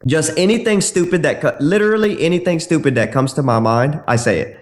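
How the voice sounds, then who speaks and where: A man's voice: fairly high pitch, brisk. A man as a guest on a casual podcast, a goofy, playful storyteller who acts out silly lines while giving dating advice.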